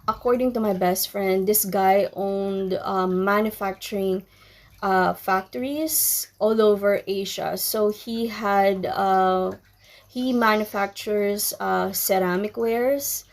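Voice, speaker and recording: A young woman from the Philippines telling a personal story to her viewers, candid and chatty, full of ums and likes. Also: mid-range voice. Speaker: vlogger. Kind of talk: casual storytelling to camera.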